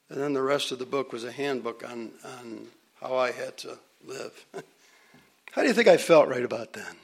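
A man preaching a sermon, telling a personal story with dramatic pauses and sometimes dropping almost to a whisper. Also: medium pitch, lively intonation, creaky, breathy edge.

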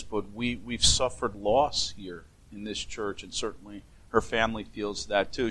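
A male pastor giving an earnest memorial sermon in a church sanctuary, speaking gently with frequent restarts. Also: mid-range voice, gravelly, poor audio.

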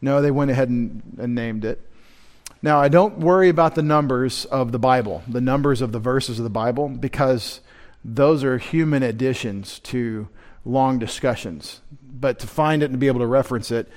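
A pastor gives a midweek sermon in church, teaching in a lecturing style and raising his pitch and volume to stress key words. He adds wry asides to the congregation, speaking at normal speed with a darkish tone.

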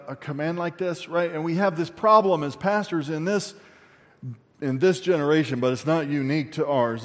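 A middle-aged man preaching a sermon as a pastor, talking conversationally with rhetorical questions to the congregation and swinging between loud emphatic bursts and quiet low asides. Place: church sanctuary. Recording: long reverb of a church hall.

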